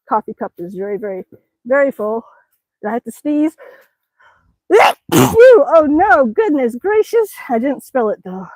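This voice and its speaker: A woman's voice: sits high, darkish tone, no room sound, low-quality recording. A woman from Alaska chatting cheerfully on a live stream outdoors, out of breath as she works out and exclaims often. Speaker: livestreaming vlogger. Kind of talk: casual live-stream chat. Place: outdoors, by an exercise bike.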